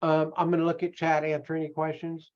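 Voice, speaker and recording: Rambling, animated man on a dull stream. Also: fairly high pitch, fairly quick. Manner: animated, self-mocking, breaks into voices. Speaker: online business coach. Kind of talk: live-streamed rambling talk.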